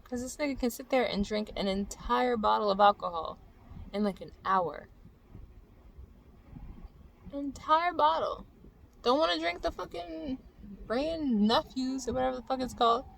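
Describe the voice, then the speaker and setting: A woman's voice: high-pitched, moderate pace, vocal fry, pauses often, slight background noise, low-quality recording. A young woman vlogger ranting angrily and profanely about someone, in a heated, personal way. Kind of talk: angry personal vlog rant.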